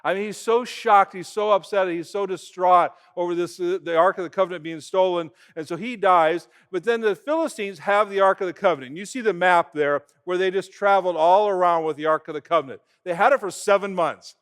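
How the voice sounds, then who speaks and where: A man preaches in a chatty, storytelling way, his voice sitting somewhat high for a man. He retells events in plain words, with quick asides and restarts, as a pastor talking to his church. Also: clear, resonant tone. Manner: animated storytelling, retelling events in everyday talk. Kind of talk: conversational sermon.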